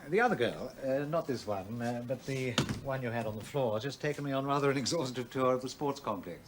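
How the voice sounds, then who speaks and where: An actor playing a coolly ironic male university official who questions people in a measured, dry, insinuating manner. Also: medium pitch, slight background noise, natural voice. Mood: probing. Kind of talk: 1980s television drama.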